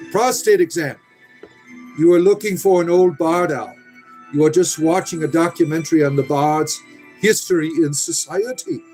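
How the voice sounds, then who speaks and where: A man's voice: fairly high pitch, a little mellow. A middle-aged man hosting a casual livestream, rambling and salty, leaning on "right?" and plenty of filler. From Americas. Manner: rants with profanity about a mechanic. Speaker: livestream host. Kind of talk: casual chat with live viewers.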